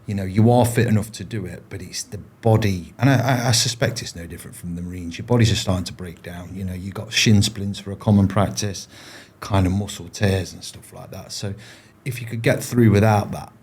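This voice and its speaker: A man's voice: sits low, fairly even intonation, brisk, hardly any pauses, darkish tone, breathy edge. A man, a former paratrooper, telling his stories in a casual interview, rambling with frequent restarts and fillers. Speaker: podcast guest, former paratrooper.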